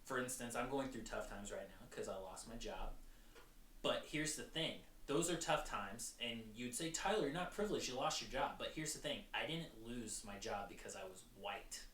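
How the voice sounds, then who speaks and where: A man's voice: mid-range voice, lively intonation, moderate pace, pushed and bright, reverberant, recorded from a distance, a little hiss or hum. A man co-hosting a podcast, thinking aloud and restarting his phrases in casual commentary. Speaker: podcast co-host.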